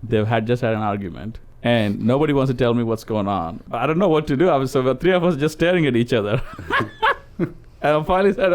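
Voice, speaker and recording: A man, telling a story in a relaxed, chuckling way in casual podcast chat. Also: medium pitch, fairly quick.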